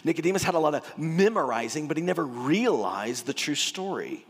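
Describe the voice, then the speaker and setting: A man from Texas, preaching an emphatic, animated sermon. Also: a little high, brisk, slightly rough, long reverb tail. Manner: animated, emphatic, acts out scripture dialogue. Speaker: pastor.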